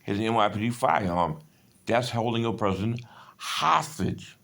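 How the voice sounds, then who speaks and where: A man's voice: on the low side, expressive, a little slow, vocal fry, fairly bright tone. A man in his fifties in a rambling personal monologue, agitated and profane, jumping between stories. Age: 50s. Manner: agitated, profane, digressive storytelling.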